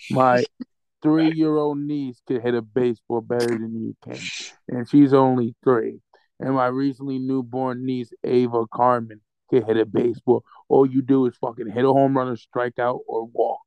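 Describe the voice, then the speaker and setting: A man's voice: mid-range voice, flat delivery, moderate pace, smooth, no echo. A man co-hosting a sports podcast, ranting angrily and profanely with comic threats. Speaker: podcast co-host. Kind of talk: casual sports podcast rant. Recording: dull lo-fi, dry sound.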